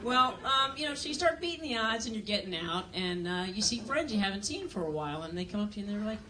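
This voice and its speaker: A woman's voice: mid-range voice, animated, fast, distant mic, noisy background. A woman doing a stand-up comedy set on a club stage, telling dry, self-mocking stories and acting out other people's voices.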